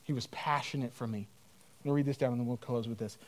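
A man's voice: medium pitch, steady tone, fast. A man preaching a sermon as pastor, earnest and emphatic, in casual everyday speech.

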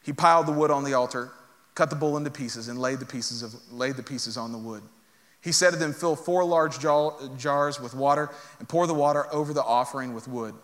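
A man preaching a sermon, reading scripture aloud and joking with animated energy. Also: mid-range voice, brisk. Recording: long hall reverb.

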